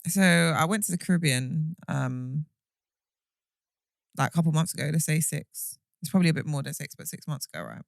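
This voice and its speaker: A woman's voice: low voice, animated, a little fast, gravelly, dry recording, studio quality. A young woman, co-hosting a podcast in casual chat, telling stories with rambling asides and self-corrections. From England. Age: young adult. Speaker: podcast co-host.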